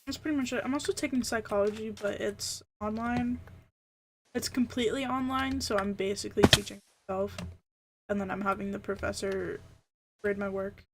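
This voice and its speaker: A woman's voice: mid-range voice, moderate pace, background noise. A young adult woman streaming a game, chatting casually and rambling with lots of fillers. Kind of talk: casual chat while gaming.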